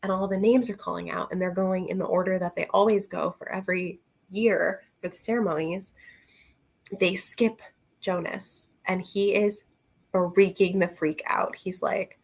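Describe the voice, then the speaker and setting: On her livestream, a woman who reviews books talks casually about reading, answers viewer questions, and laughs often. Her voice is fairly low with vocal fry, a steady tone, and a moderate pace.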